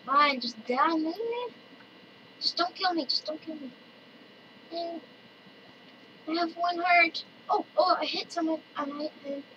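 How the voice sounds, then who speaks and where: High-voiced woman narrating her gameplay. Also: measured pace, long pauses, highs cut off. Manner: chatty, excitable, talks to other players. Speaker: let's-play gamer. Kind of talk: casual gameplay commentary. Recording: distant mic with loud noise.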